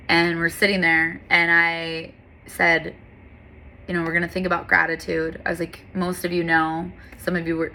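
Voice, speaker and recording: A woman's voice: low voice, pushed and bright, slight background noise. A woman yoga instructor talking in an earnest, candid, heartfelt monologue, with frequent fillers.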